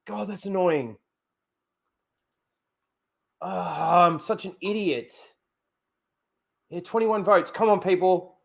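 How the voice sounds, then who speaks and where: A man chats his way through a livestream, slow and unhurried, his voice sitting a little high for a man. He rambles, corrects himself mid-sentence, and coaxes his viewers directly. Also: creaky. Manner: rambling, self-correcting, talks straight to viewers. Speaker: livestream host. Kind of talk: casual livestream chat.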